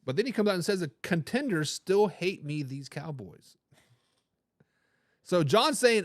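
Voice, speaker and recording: High-voiced man hosting an animated sports show. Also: a little slow, pauses often, no room sound, clean studio sound. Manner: animated, hype phrases, frequent restarts. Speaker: sports talk show host. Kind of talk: live-stream sports talk, reading viewer comments.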